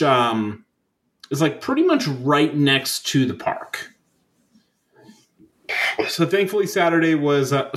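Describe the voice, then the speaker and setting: A man's voice: medium pitch, fairly bright tone, low-quality recording. A young man co-hosting a podcast, telling a trip story in a rambling, profane, laid-back way with lots of fillers. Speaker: podcast co-host. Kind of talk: casual chat.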